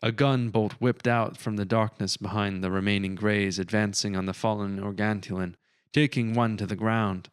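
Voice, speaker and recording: A man narrating a science fiction audiobook in a steady, measured way. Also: fairly low pitch, smooth, no echo, studio quality. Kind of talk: scripted narration.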